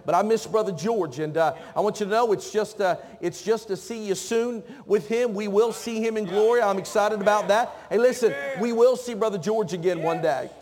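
A high-voiced man preaches from a church stage, joking with the youth and calling out to the crowd. His voice carries through a large hall with a long, ringing reverb. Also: normal speed, few pauses, darkish tone. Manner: joking, calls out to the congregation. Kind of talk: sermon. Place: church sanctuary.

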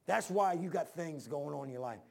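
Male preacher, folksy and rambling, gravelly voice pitched a little high. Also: expressive, fairly quick. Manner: folksy, rambling, talks straight to the congregation. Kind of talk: sermon.

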